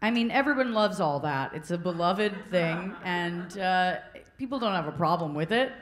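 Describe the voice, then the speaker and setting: A woman's voice: lowish voice, expressive, moderate pace. A woman co-hosting a live podcast on stage, blunt and profane, often laughing. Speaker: podcast co-host. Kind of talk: live podcast banter before an audience. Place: festival stage before a live audience. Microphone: handheld mic.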